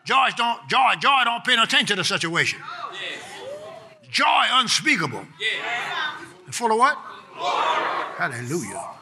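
A man preaching a charismatic sermon at a live church service, laughing and shouting exhortations. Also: high voice, sing-song, measured pace, pauses often. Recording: loud crowd and heavy noise in a live church.

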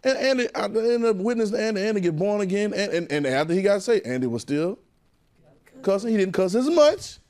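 A man's voice: high voice, lively intonation, a little fast, darkish tone. A man with a Southern US accent preaching a sermon to his church, talking conversationally, laughing and calling for responses from the congregation. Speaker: pastor.

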